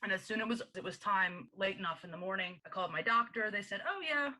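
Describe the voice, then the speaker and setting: Bright-voiced woman telling a personal story. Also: mid-range voice, fast talker, poor audio. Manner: animated, acts out quoted dialogue with frequent laughs. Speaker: podcast guest. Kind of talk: candid personal storytelling in an interview.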